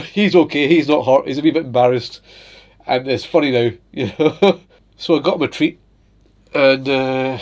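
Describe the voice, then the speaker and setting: A young adult man tells everyday stories in a relaxed, chatty vlog. His voice sits at a middle pitch, and he laughs easily while he talks, jumping into playful little voices for the characters in his stories. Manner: animated, laughs often, puts on little voices for his pet. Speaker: vlogger. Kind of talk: casual storytelling.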